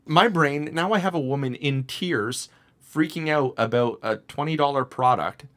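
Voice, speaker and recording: A young man co-hosting a casual podcast, telling a story in an animated way and mimicking the voices of the people in it. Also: on the high side, moderate pace. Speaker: podcast co-host.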